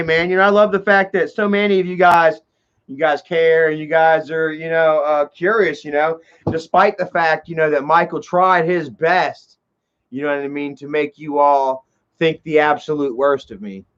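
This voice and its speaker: A man telling a long, rambling story on a livestream, swearing freely and filling every pause with "you know" while greeting viewers in chat. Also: fairly high pitch, fairly even intonation, fairly bright tone, clean tone. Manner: profane, heavy on fillers like "you know". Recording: dull lo-fi livestream audio.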